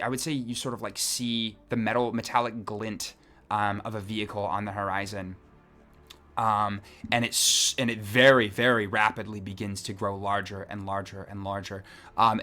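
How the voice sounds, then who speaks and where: A man's voice: fairly low pitch, bright, forceful tone. A man narrating as game master of a tabletop game, rambling and descriptive with many restarts.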